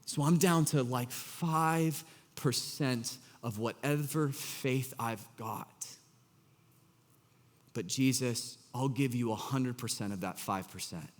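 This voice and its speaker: A man preaching a sermon as pastor, conversational and animated, with frequent restarts. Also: medium pitch, slow, long reverb tail. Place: church auditorium.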